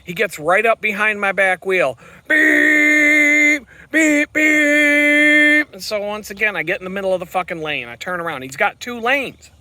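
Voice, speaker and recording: A man venting as he rides his bike outdoors, cursing freely and circling back on his own points. His voice is forceful and bright, sitting a touch high for a man. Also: brisk, hardly any pauses, no echo. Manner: profane, ranting. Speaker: vlogger. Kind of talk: rambling vlog while riding. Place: outdoors on a bicycle on the road.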